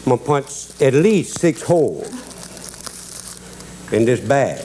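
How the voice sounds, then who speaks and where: Cajun male cooking host, medium pitch, spins homespun yarns with a chuckle. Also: very animated, slow pace, mellow, a little hiss or hum. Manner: drawling dialect storyteller, repeats "I guarantee", chuckles at his own jokes. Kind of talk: folksy cooking demonstration with storytelling.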